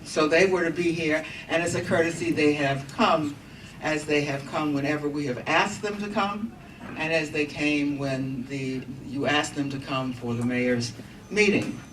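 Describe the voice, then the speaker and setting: A woman hosting a community meeting as a congresswoman, giving formal opening remarks into a handheld microphone, halting and pausing with fillers. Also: low-pitched, fairly even intonation. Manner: formal, halting delivery with frequent pauses and fillers. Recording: distant mic, noisy meeting room.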